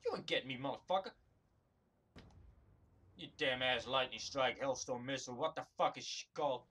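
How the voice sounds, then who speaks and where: A man's voice: medium pitch, moderate pace, a bit bright. A man giving angry gameplay commentary, swearing constantly and ranting at other players. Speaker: gamer recording his own play.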